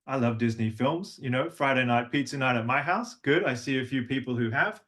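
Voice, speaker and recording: A man's voice: mid-range voice, fairly quick. A middle-aged man with a slight Australian accent, teaching a voice workshop as a coach and breaking into sung and spoken demonstrations. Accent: neutral, slight Australian. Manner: demonstrative, warm teacher who sings examples. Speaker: voice and language coach.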